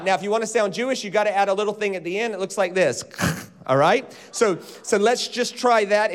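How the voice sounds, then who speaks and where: A man preaching a sermon, teaching with animated delivery and leading the congregation in call-and-response. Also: high-pitched, moderate pace. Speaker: pastor. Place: church auditorium.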